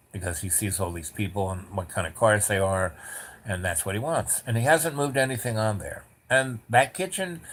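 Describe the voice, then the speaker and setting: A man hosting a podcast, telling a story in a casual, rambling way with restarts, asides and blunt swearing. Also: lowish voice. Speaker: podcast host.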